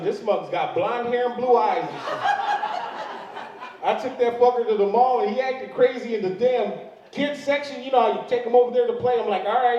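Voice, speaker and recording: A man's voice: sits high, a little mellow. Older man, stand-up comic, crude storytelling, dull lo-fi sound, roomy echo. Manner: crude, storytelling, acts out quoted voices. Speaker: stand-up comedian. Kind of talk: stand-up comedy set. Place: live comedy club. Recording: distant, very echoey, dull lo-fi club recording. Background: audience laughter.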